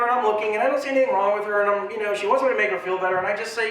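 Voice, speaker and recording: A man's voice: sits high, animated, racing, pushed and bright. A man doing a stand-up comedy set on stage, telling a story and acting out the voices of the people in it. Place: live venue on stage. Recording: very echoey live venue, distant mic.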